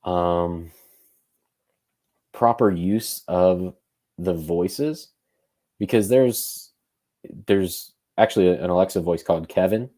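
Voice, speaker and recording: A man's voice: deep voice, slow pace, pauses often, warm tone. A man co-hosting a podcast, thinking aloud in loose, casual conversation. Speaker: podcast co-host.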